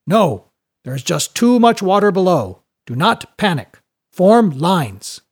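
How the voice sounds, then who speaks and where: A man voicing a brisk male first mate on a ship, making loud, clipped announcements with a husky edge. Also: on the high side, lively intonation. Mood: urgent.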